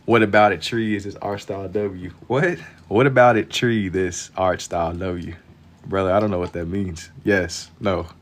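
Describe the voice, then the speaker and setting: A young man with a low voice speaks at a normal pace with a level tone while drawing on a live stream. He chats casually with viewers, laid-back and slangy, keeping his voice down because it's late at night.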